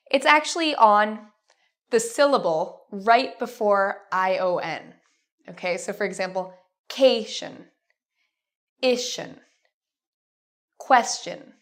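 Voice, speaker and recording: A woman teaching a pronunciation lesson, stretching out model words slowly and clearly for learners. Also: mid-range voice, fairly bright tone. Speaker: English teacher.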